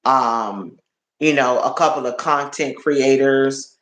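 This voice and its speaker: A man's voice: mid-range voice, takes it slowly, a bit bright. A man chatting casually on a live stream, rambling and repeating his words as he talks to viewers. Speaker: livestreamer. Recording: roomy echo.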